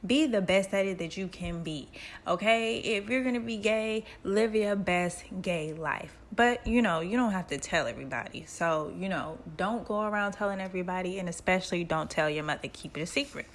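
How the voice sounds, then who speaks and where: A woman voicing a blunt, brash father who talks in a quick, incredulous way. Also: mid-range voice, close to an everyday voice. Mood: advising.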